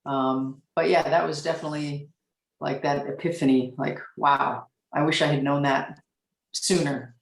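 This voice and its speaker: A woman in her forties, a police officer on a discussion panel, telling a candid story from her career in a reflective way with frequent pauses. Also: low voice, fairly even intonation, creaky, roomy sound, distant mic, low-quality recording.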